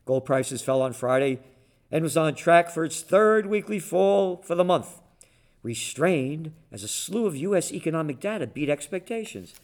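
A man delivers a biting monologue, his voice pitched a little high, jeering at politicians and running through market news. His tone swings between mockery and blunt, rapid-fire opinion. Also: lively intonation. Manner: sarcastic, combative, mocking name-calling. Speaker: political and market commentary host. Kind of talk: ranting monologue commentary.

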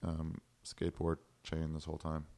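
A man's voice: rumbling low, completely flat delivery, normal speed, darkish tone. A man on a podcast, teasing the others and ranting with enthusiasm in casual chat. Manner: teasing interjections, enthusiastic rants.

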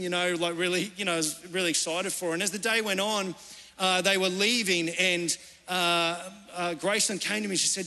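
Man preaching a sermon, high-pitched and bright, long reverb of a church hall. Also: a little fast. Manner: earnest, conversational storytelling. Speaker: pastor.

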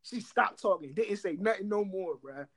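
A young man telling workplace stories in casual chat, animated and laughing, loudly acting out what others said. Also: high-pitched, normal speed. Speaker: storyteller.

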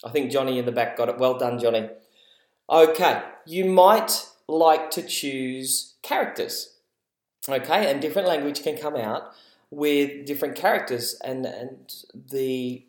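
A man's voice: mid-range voice, measured pace. Chatty Australian man hosting a lesson podcast. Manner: chatty, encouraging, laughs at himself. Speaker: podcast host and educator. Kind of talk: casual educational podcast. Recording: roomy echo.

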